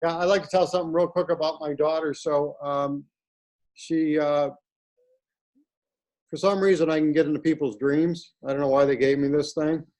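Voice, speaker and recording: A man's voice: a little high, steady tone, moderate pace, a little mellow, poor audio. A man in his forties, an interview guest telling long, rambling personal stories in a casual, earnest way over a video call. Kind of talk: casual conversation.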